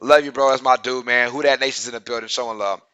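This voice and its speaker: Bright-voiced Southern man chatting sports. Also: medium pitch, steady tone, quick pace, clear, resonant tone, dry recording, lo-fi sound. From Louisiana. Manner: chatty, filler-heavy, hypes up viewers, reads chat aloud. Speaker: sports podcast co-host. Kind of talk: casual live-stream sports talk.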